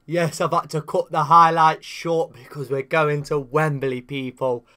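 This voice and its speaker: A young man commentating his own football video game career with lively, animated energy and sudden shouts. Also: a little high, a little slow, slight background noise. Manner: animated, shouts at big chances. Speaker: gaming YouTuber. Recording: faint guitar music behind.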